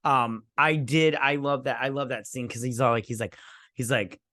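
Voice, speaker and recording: This co-host of a boozy movie review podcast has a mid-range voice that's bright and forceful, at normal speed. He drinks, rambles, swears, and loudly acts out scenes in casual chat. The studio recording is dry and clean.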